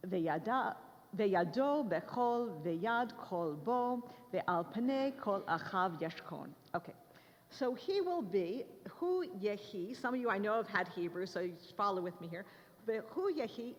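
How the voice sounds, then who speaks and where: A woman lectures to a live audience, keeping it conversational and joking with her listeners. Her pitch rises and falls a lot as she explains. The sound carries a long hall reverb. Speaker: lecturer on the Hebrew Bible.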